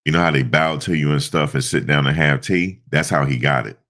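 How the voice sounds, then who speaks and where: A man's voice: extremely low pitch, brisk, a bit bright. A stuffed-up man hosting a casual live stream, rambling through stories with lots of fillers. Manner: rambling storytelling with many fillers.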